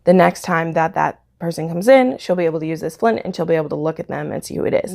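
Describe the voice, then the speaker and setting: A woman with a low, strongly gravelly voice chats her way through a book's plot for her review vlog. She rambles casually and fills gaps with "um" and "like". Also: quick pace, hardly any pauses, darkish tone. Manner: chatty retelling, frequent "um" and "like". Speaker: book reviewer.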